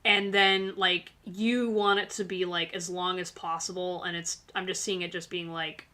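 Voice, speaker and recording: A woman's voice: on the low side, little pitch movement, normal speed, bright, forceful tone. A woman hosting a live-stream tarot reading, talking casually and encouragingly with lots of fillers. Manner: chatty, filler-heavy, encouraging.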